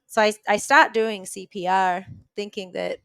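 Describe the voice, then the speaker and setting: Smooth-voiced woman telling a vivid story. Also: mid-range voice, steady tone, a bit bright, no room sound. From New Zealand. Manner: vivid, earnest retelling with quick restarts. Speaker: podcast guest. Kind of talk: personal storytelling in a podcast interview.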